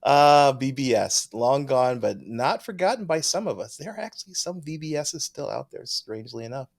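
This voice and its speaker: A man's voice: mid-range voice, animated, normal speed, creaky. A man co-hosting a podcast, reading listener mail in a chatty way, laughing often and trailing off mid-sentence. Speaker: podcast co-host. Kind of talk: casual chat.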